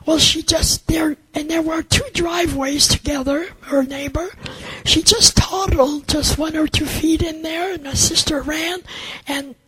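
A woman's voice: high voice, steady tone, a bit bright, dry recording, poor audio. Earnest older woman sharing testimony. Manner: halting, earnest storytelling with many restarts. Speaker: testimony speaker. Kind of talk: personal faith testimony.

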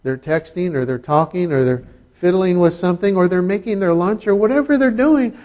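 Pastor, middle-aged man, slightly high voice, chatty sermon with jokes. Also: fairly quick, a little mellow. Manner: conversational preaching with asides and humor.

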